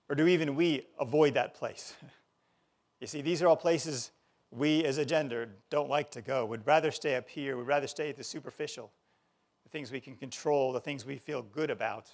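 A man preaching a conversational sermon, chuckling often and swinging from quiet, hushed stretches to sudden loud outcries. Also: mid-range voice.

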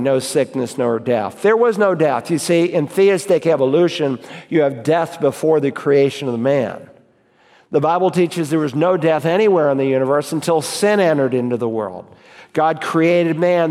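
A man, a pastor, preaching an emphatic sermon and reading scripture slowly and deliberately. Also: on the high side, a little mellow. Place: church sanctuary. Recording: long reverb of a church hall.

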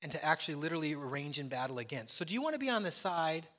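A middle-aged man preaching a sermon as pastor, animated and acting out bits of dialogue. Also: fairly high pitch, rapid-fire, in a large hall.

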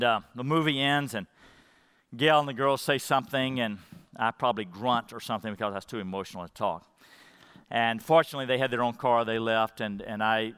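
A middle-aged man preaching a sermon as pastor, earnest and heartfelt, often dropping to a soft, quiet voice when moved. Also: medium pitch, clear, resonant tone, in a large hall.

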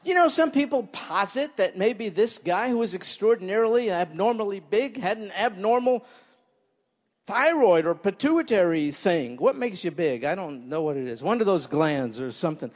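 A man preaching a sermon in an animated way, often asking his listeners questions. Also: high voice, normal speed, long reverb tail.

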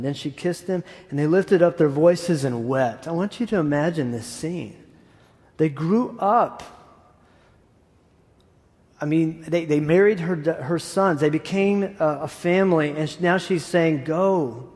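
A man's voice: a little high, measured pace, a little mellow. A man preaching a sermon as pastor in a casual, enthusiastic way with asides. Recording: echoey hall.

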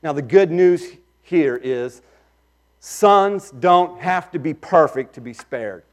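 A middle-aged pastor preaching a sermon, swinging between loud emphatic lines and quiet asides. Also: male voice, fairly high pitch, lively intonation, slow pace.

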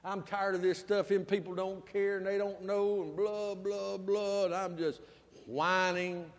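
A male pastor preaching a storytelling sermon, swinging between loud and soft. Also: high voice, little pitch movement, a little slow. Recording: long church reverb.

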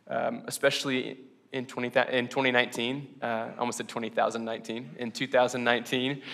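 A man's voice: mid-range voice, creaky, fairly bright tone. A man preaching a casual, conversational sermon to his congregation, laughing often and asking them questions. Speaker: pastor.

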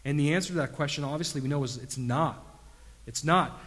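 A man's voice: fairly high pitch, a little fast, fairly bright tone, slightly rough. A man in his thirties preaching a sermon as a pastor, talking conversationally with lots of fillers and building to emphatic peaks. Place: church sanctuary. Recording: long reverb of a church hall.

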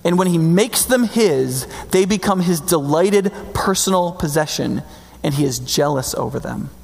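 A man preaching a sermon in a conversational, emphatic way, slowing down to stress key words. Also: fairly high pitch, lively intonation, creaky. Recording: long reverb hall.

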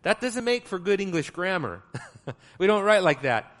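A man preaching a sermon, teaching from the Greek text, moving between quiet asides and loud, stressed words. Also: high voice, big pitch swings, moderate pace. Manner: teaching, explains Greek wording.

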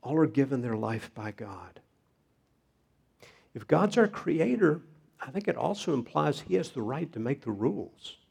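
A man preaching a sermon, reading scripture in a measured way. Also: medium pitch, gravelly, darkish tone, slightly rough. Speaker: pastor.

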